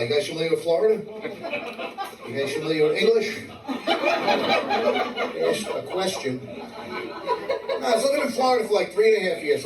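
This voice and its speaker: A high-pitched New York City man does a brash live stand-up set on a comedy club stage, stammering through restarts and landing crude punchlines. The roomy recording is captured from a distance, with background noise and audience laughter.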